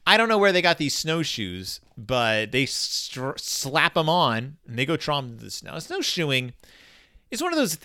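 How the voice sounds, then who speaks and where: A man riffs through a comedic book commentary in a lively, clear, resonant voice that swings high and low, bright and sharp in tone. His joking keeps wandering into sarcastic, animated tangents, and the recording sounds dry and close.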